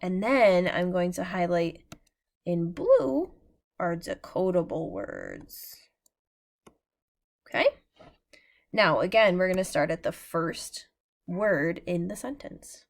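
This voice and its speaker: An American woman teacher giving a patient, slow phonics lesson over a shared screen, sounding out words letter by letter. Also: lowish voice, sing-song, vocal fry.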